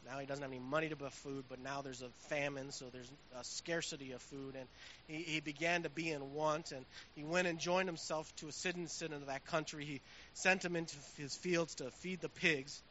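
A man's voice: fairly high pitch, fairly even intonation, a little fast, bright, forceful tone. A man preaching a sermon as pastor, conversational with swelling emphasis, on a dull recording with faint hiss.

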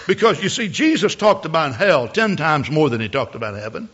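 A man's voice: on the high side, sing-song, a little fast, a bit bright, breathy edge, highs cut off. A male preacher giving a sermon from the pulpit, often repeating words as he builds a point and rising to emphatic peaks. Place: church pulpit.

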